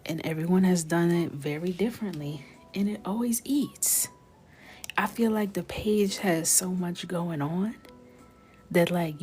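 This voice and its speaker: A woman in her thirties chatting casually and jokingly while coloring on a livestream, often dropping into soft whispers. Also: on the low side.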